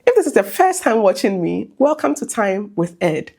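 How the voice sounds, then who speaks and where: A Ghanaian woman nurse, hoarse from a cold, talking through a scripted vlog with a clear, measured delivery. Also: medium pitch, sing-song, a little mellow. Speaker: vlogger, nurse.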